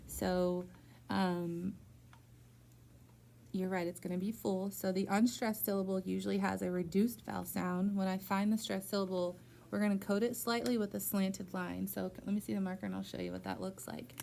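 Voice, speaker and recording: A woman's voice: medium pitch, steady tone, normal speed, creaky, mellow, a little hiss or hum. A woman teaching reading one-on-one, prompting a student step by step with patient encouragement. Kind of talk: one-on-one phonics tutoring.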